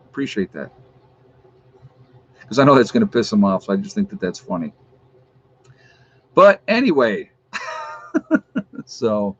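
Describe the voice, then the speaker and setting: A YouTube channel host from New York State speaks in a voice on the low side, and the recording sounds muffled. During his livestream he chats in an amused, casual way, reading off viewers' locations and ribbing trolls.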